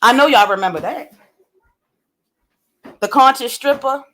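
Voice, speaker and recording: A woman's voice: sits high, measured pace, a bit bright, slight background noise. A woman co-hosting a live stream in casual chat, talking bluntly and with animation, swearing freely and laughing often. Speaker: livestream co-host.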